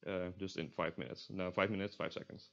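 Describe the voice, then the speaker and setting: A man's voice: sits low, fairly even intonation, a little fast, vocal fry, a bit bright. A young Dutch man with a Dutch accent, teaching a casual language lesson and explaining step by step, often stopping to correct himself. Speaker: language tutor. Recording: dull lo-fi audio.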